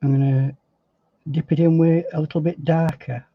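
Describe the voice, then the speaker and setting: A man demonstrating painting step by step in a relaxed, chatty way, thinking aloud as he works. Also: on the high side, normal speed, no room sound. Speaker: painting instructor. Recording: dry, slightly dull recording.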